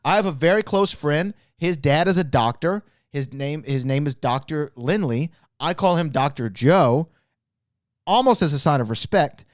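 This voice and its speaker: A man's voice: fairly high pitch, lively intonation, normal speed, no echo, studio quality. A man hosting a solo podcast, reading out claims and rebutting them with exasperated, rising indignation. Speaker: podcast host.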